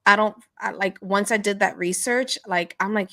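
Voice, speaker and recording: Woman co-host with a gravelly fry. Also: medium pitch, fairly even intonation, moderate pace, sharp tone. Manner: earnest, slangy, with fillers. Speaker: podcast co-host. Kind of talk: casual chat.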